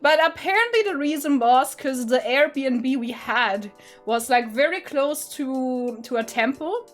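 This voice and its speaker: A woman's voice: sits high, expressive, unhurried, soft background music. A woman chatting casually on camera at home as she unboxes her travel haul, rambling, restarting her sentences and laughing often. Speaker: streamer and vlogger. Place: home room.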